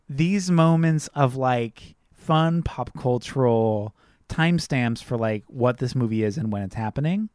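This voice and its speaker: A man's voice: medium pitch, expressive, takes it slowly, darkish tone, dry recording, studio quality. A man co-hosting a casual film review chat, ranting heatedly and swearing freely. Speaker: podcast co-host.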